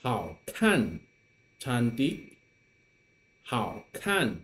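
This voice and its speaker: A man teaching Mandarin online, slowly repeating words to model the tones. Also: medium pitch, wildly swooping pitch, a bit bright. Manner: slow, deliberate modelling of tones with repetitions. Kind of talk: online language lesson.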